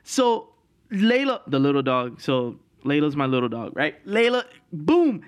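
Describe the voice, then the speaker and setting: A man's voice: on the high side, sing-song, a little slow. A man hosting a podcast, telling a story in a casual, profane way and laughing through it. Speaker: podcast host.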